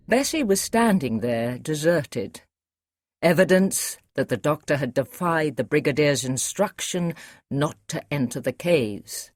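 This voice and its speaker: A woman narrating an audiobook in a measured, clear storytelling manner. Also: sits low, lively intonation, no echo, clean studio sound. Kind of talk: scripted narration.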